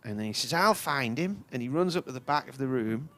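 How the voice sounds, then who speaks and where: Chatty cricket commentator. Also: male voice, mid-range voice, fast. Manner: chatty storyteller, puts on voices for characters in his tales. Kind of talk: relaxed live commentary with anecdotes.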